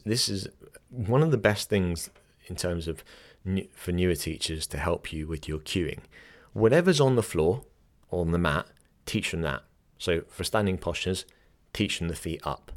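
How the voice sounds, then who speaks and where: A man, a yoga teacher giving casual, direct teaching advice with chatty asides. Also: low-pitched. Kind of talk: instructional talk.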